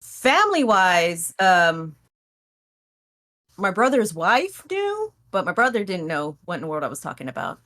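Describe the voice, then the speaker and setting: A woman guest on a podcast, telling stories about streaming in a casual, animated way, acting out her own reactions and laughing often. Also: lowish voice, measured pace. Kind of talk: casual interview chat.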